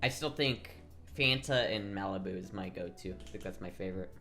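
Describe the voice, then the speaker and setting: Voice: low voice, a little fast, over music. A young adult with a Midwestern accent from Iowa, co-hosting a podcast in rambling casual chat, stumbling over repeated words and swearing freely. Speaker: podcast co-host.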